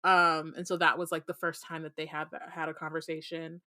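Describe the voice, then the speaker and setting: Bright-voiced woman podcast host. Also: low voice, level tone, fairly quick, no room sound. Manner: chatty, many fillers, laughs often. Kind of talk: casual book discussion.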